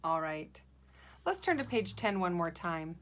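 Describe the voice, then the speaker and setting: Slow, bright-voiced woman teacher. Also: lowish voice, very animated. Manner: slow, clear, encouraging classroom delivery. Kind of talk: guided reading lesson for young children.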